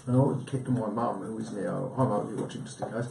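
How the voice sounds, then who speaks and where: Earnest man, mellow voice. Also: fairly low pitch, fast talker, creaky, roomy sound, recorded from a distance, rough recording. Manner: earnest, rambling, repeats phrases. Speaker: guest healer. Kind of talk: live TV chat.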